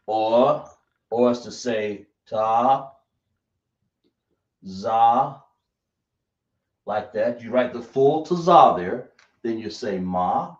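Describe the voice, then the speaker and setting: A man teaching a language lesson, speaking slowly and often checking whether his listeners understand. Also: mid-range voice, lively intonation. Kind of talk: classroom lesson. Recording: echoey room, dull lo-fi sound.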